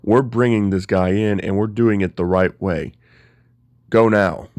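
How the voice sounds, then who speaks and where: Stern middle-aged hero barking orders, voiced by a man, low and dry. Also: steady tone, measured pace, darkish tone, no echo. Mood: commanding. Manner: commanding, firm.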